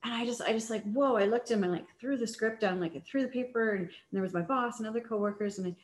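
A woman's voice: fairly high pitch, quick pace. Woman sales coach rambling casually, lots of likes and ums, echoey room. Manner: chatty, many fillers and restarts. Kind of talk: casual teaching talk.

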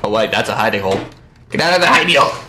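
A man giving excitable, jumpy let's play commentary while playing a horror game, quick to shout and laugh. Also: lowish voice, reverberant, noisy background.

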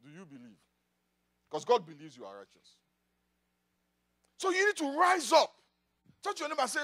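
A man preaching a sermon in church, swinging from loud declarations to quiet asides. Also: extremely high pitch, huge pitch swings, moderate pace, long pauses. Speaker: pastor.

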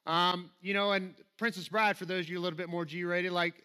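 Bright-voiced Southern preacher. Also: male voice, high voice, flat delivery, brisk, clear, resonant tone. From Alabama, US. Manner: conversational and self-deprecating, rising to emphatic reading. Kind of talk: sermon. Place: church sanctuary.

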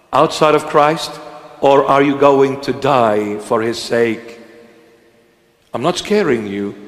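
Emphatic male preacher in an echoey hall. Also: high voice. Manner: emphatic, repetitive preaching cadence. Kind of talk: sermon. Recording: echoey hall with long reverb.

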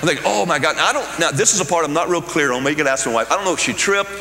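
Animated man telling a stand-up story. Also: a little high, racing. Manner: animated, acts out voices and screams. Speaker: comedian. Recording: echoey hall with live crowd. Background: audience laughter.

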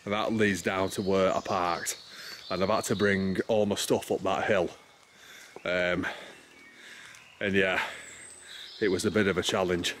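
Outdoor vlogger, man with a lowish voice, breathless and rambling on a hillside, faint countryside noise. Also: level tone, measured pace, pauses often, fairly bright tone. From England. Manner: chatty, rambling, self-interrupting. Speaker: wild camping vlogger. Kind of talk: casual outdoor vlog.

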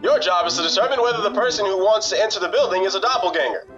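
Brief: old-timey newsreel announcer, formal and instructive, high and bright, put on by a man, dull lo-fi sound. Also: animated, rapid-fire, faint music behind.

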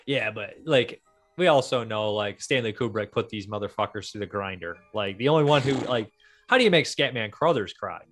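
A man's voice: on the low side, animated, brisk, fairly bright tone, soft background music. A man hosting a podcast, chatting about horror films in a laid-back, profane way and laughing often. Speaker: podcast host. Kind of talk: casual horror film chat.

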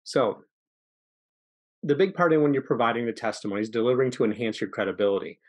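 A man leads a training session on public speaking in an upbeat coaching tone. His pitch jumps around as he demonstrates and encourages. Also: fast, a little mellow, breathy edge. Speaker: training presenter. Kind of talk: online training talk.

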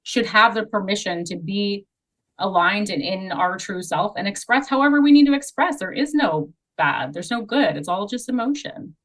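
A woman's voice: mid-range voice, animated, moderate pace, fairly bright tone, distant mic, poor audio. A woman guest on a podcast, talking casually and emphatically about her views.

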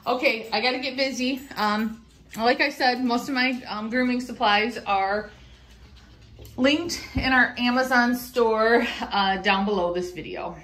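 A woman's voice: on the high side, a little slow, fairly bright tone. Chatty woman vlogging while grooming her dog. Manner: chatty, talks to her dogs in a sing-song baby voice. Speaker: pet vlogger. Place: home grooming area indoors. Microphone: handheld phone camera.

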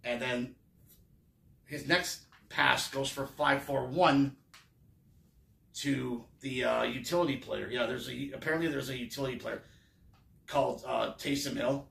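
A man's voice: medium pitch, creaky, a bit bright, reverberant, distant mic. A man recapping a football game in a casual, wry and sarcastic way, rambling with fillers. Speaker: sports fan vlogger.

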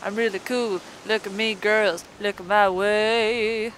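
A woman's voice: mid-range voice, steady tone, takes it slowly, a bit bright, a little hiss or hum, poor audio. Woman playing a vain, bragging ocean god. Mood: boastful. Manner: smug, self-admiring bragging. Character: vain boastful giant crab-like ocean god. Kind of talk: let's play voicing of game characters.

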